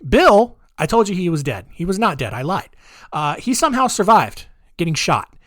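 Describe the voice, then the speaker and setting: A man's voice: sits high, sing-song, normal speed, fairly bright tone, dry recording, clean studio sound. A man hosting a podcast, telling a true-crime story in a rambling, jokey way full of asides. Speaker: podcast host.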